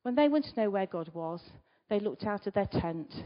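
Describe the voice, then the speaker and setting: A woman's voice: medium pitch, expressive, normal speed. Chatty woman preaching. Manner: chatty, asks the listeners rhetorical questions; swings between loud emphasis and quiet asides. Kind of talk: conversational sermon. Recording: slightly dull recording.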